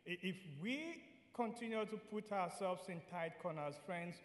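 A Nigerian man preaches an earnest sermon, repeating key phrases and at times slowly singing lines. His voice sits high and echoes as if in a big, reverberant room.

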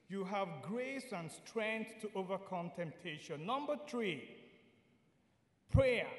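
A man from Nigeria preaching a sermon, earnest and repeating key phrases, sometimes singing lines slowly. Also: sits high, echoey room, long reverb tail.

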